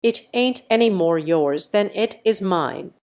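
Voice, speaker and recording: A woman voicing a stubborn, money-clutching young wife in an audiobook, sharp and defiant. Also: mid-range voice, expressive, unhurried. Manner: sharp and defiant, then mincing.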